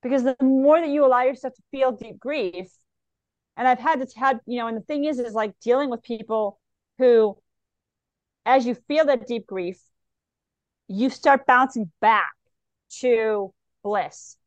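A woman, a psychic medium, talking in an interview, animated and slipping into the voices of the people she describes. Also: a little high, unhurried, long pauses, no echo, dull audio. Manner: animated, acts out clients' voices in quotes. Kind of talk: conversational interview talk.

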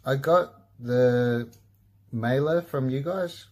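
A man's voice: medium pitch, slow pace, darkish tone. A man hosting a casual comedy podcast, laid-back and swearing a lot, laughing at himself. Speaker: podcast host.

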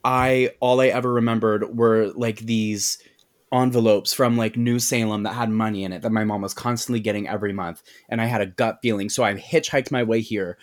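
A man's voice: lowish voice, steady tone, a little fast, natural voice. A man doing a brash, foul-mouthed young heroine. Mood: rambling. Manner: sassy and profane.

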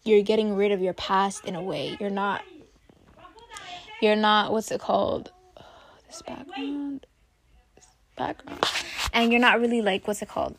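A young woman in her teens casually telling a rambling personal story to camera, full of "like" and "literally". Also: mid-range voice. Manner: chatty, rambling, heavy use of "like" and "literally". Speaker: vlogger.

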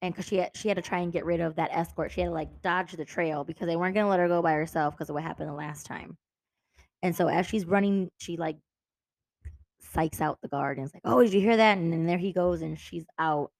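A woman talks through a romance novel with a friend, animated and laughing as she acts out the characters. Her voice sits on the low side and sounds dry and close, with almost no room around it. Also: a little fast, dry recording. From Texas. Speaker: podcast co-host. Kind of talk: casual book chat.

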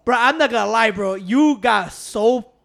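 Gravelly rambling storyteller. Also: medium pitch, measured pace, a bit bright. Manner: storytelling, rambling, swears, quotes others. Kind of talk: casual chat.

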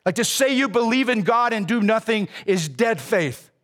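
A man preaching a sermon as a pastor, casual and animated, with slang. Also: sits high, moderate pace.

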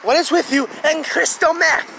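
A man's voice: very high-pitched, steady tone, normal speed, vocal fry, pushed and bright, a little hiss or hum, low-quality recording. A man throwing brash insults and goofy comebacks in crude joking banter.

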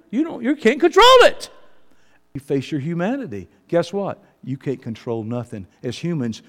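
A male pastor preaching an impassioned sermon, swinging from hushed, low testimony to loud shouting.

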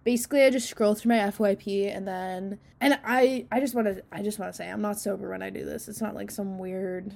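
A woman's voice: mid-range voice, fairly even intonation, fairly quick, vocal fry, hardly any pauses, darkish tone, slight background noise. A young woman co-hosting a podcast in casual chat, giggly and rambling after a few drinks. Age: young adult. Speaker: podcast co-host.

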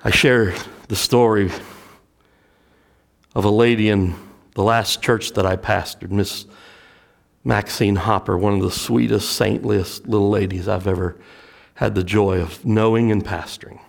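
Male pastor, middle-aged, unhurried sermon delivery, swings loud to hushed. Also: fairly low pitch, fairly even intonation, vocal fry. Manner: dramatic swings from loud emphatic preaching to hushed storytelling.

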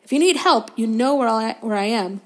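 A woman's voice: on the high side, lively intonation, brisk. Woman doing a pompous, vain wizard teacher. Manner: pompous, loud. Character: vain showy grown male wizard teacher.

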